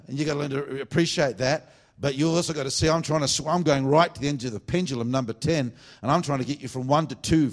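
Man, revivalist preacher, sermon, fervent then hushed, mid-pitched voice. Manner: swings between loud fervent bursts and low confiding asides. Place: church meeting.

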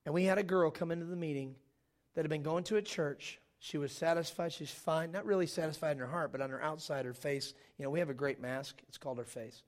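A man preaching a sermon in a church, telling stories with jokes in an animated way. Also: on the high side, fast.

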